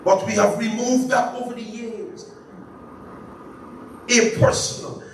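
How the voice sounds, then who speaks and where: A pastor leading a Bible study, lively and joking, asking the congregation to finish his phrases. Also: very high voice, moderate pace. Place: church. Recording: echoey church room, far from mic, faint hiss.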